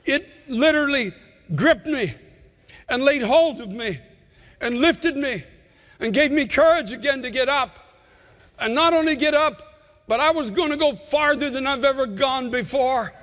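Man pastor preaching hard, real high sharp voice, shouting a lot, big church echo. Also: unhurried. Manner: impassioned preaching, rising to shouts. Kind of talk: sermon. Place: large church sanctuary. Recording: long church reverb.

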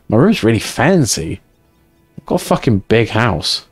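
A man's voice: fairly low pitch, sing-song, unhurried, breathy edge, no room sound, faint music behind. A man streaming a video game live, chatting and joking with viewers and swearing often. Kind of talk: casual live-stream chat while playing.

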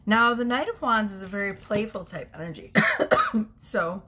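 A young tarot reader chats casually at home at a normal speed, her mid-range voice sharp in tone with a breathy edge. She's giggly and talkative and tends to cut herself off.

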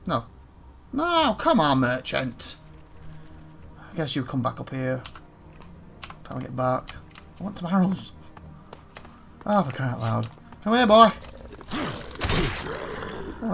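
Gravelly-voiced let's play gamer. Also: medium pitch, faint music behind. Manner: chatty, talks to game characters, quick excited outbursts. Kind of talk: casual gameplay commentary.

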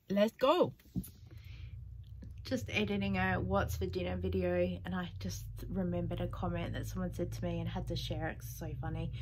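A woman's voice: lowish voice, fairly bright tone, slight background noise. A middle-aged woman with an Australian accent, chatting casually in a vlog, laughing often as she retells her week. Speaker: vlogger.

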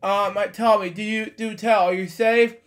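A fairly bright, high-pitched male voice, steady and at normal speed, works through a children's storybook at home at night. His casual reading is marked by stumbles over words and cheeky, blunt side comments.

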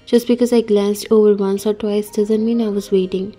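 A woman's voice: medium pitch, level tone, moderate pace, soft background music, close to an everyday voice. A woman reading the part of an affectionate young husband who runs a company, in a read-aloud story. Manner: soft, affectionate.

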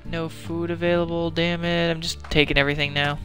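A man's voice: on the high side, level tone, brisk, faint music behind. A man streaming a game, cursing and muttering to himself as he plays. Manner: frustrated, swearing, muttering to himself; panicked, shouting. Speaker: gaming streamer. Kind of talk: live gameplay commentary.

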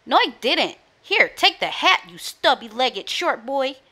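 A woman voicing a bossy, loud bully girl twin who yells and taunts in a storybook. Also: high voice, very animated, a little slow, voice pushed up, exaggerated voice. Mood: taunting. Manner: yelling, taunting.

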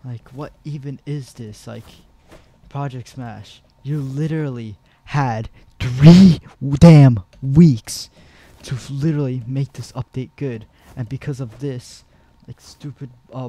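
A man's voice: mid-range voice, warm tone, a little hiss or hum. Young man ranting over gameplay. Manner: frustrated, rambling, many fillers and restarts. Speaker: gaming video creator.

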